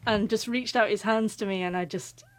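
A woman's voice: mid-range voice, steady tone, moderate pace, no echo. Woman guest with a stutter. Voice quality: stutters, repeats sounds. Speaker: author, guest. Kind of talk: emotional personal storytelling.

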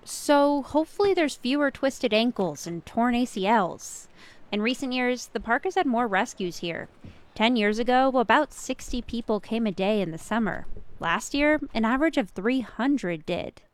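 A woman's voice: fairly high pitch, animated, moderate pace. Woman reporter narrating a radio feature.

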